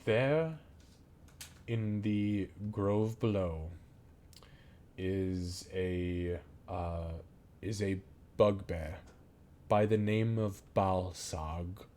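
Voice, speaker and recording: A man voicing a solemn female goblin priestess who speaks in a formal, measured, quiet way that at times drops to a whisper. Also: deep voice, pitched below the performer's own voice. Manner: formal, measured, soft-spoken, sometimes whispered.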